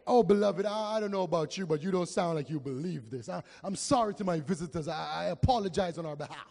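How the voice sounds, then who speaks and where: A man preaching a sermon with impassioned, drawn-out delivery and call-and-response with the congregation. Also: fairly high pitch, gravelly, a little mellow. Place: church. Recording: long reverb of a church hall.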